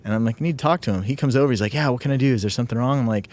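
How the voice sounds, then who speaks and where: A man's voice: mid-range voice, rapid-fire, a little mellow. A man hosting a podcast, talking enthusiastically in casual chat with his co-host. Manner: enthusiastic, gushing gear talk. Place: convention media room.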